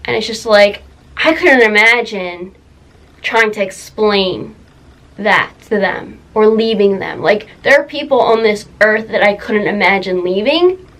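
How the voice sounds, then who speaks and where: A young woman telling a personal story in a confessional vlog, halting, full of fillers and close to tears. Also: mid-range voice, expressive, fairly bright tone, low-quality recording. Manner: emotional, halting, many fillers. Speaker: vlogger.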